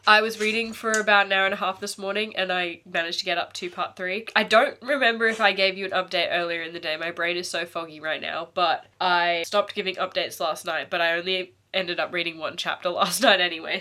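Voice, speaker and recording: A woman's voice: fairly low pitch, sharp tone. A young woman vlogging casually about a book, gushing and emotional as she chats. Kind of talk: casual spoken vlog.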